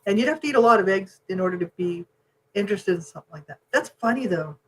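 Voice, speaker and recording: A woman co-hosting a casual podcast chat who talks in a chatty way, laughs often and lets her sentences trail off softly. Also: medium pitch, lively intonation, fast talker, slightly rough, low-quality recording. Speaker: podcast co-host.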